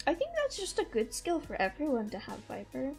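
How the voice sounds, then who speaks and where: A young stream host chats casually in a high-pitched, gravelly, slightly mellow voice with huge pitch swings and a brisk pace. Her accent blends Midwestern and Southern American, and she rambles and laughs often over faint music.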